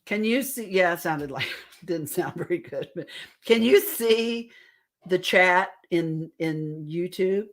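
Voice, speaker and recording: A woman co-hosting a paranormal talk stream, telling stories excitedly with frequent laughter and casual swearing. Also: lowish voice, takes it slowly. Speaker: paranormal investigation podcast co-host. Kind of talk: casual chat.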